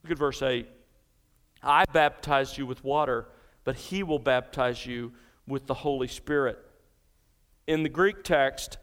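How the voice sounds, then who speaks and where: A man's voice: fairly high pitch, measured pace, a bit bright, smooth. A man preaching an expository sermon as pastor, earnest and emphatic, asking the congregation rhetorical questions. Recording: large hall with long reverb.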